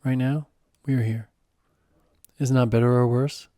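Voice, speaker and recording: Serene wise guide, unhurried and gently teasing, read by a man, warm low tone, dry sound. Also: fairly even intonation, no echo, natural voice. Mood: calm. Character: calm wise male mentor and guide.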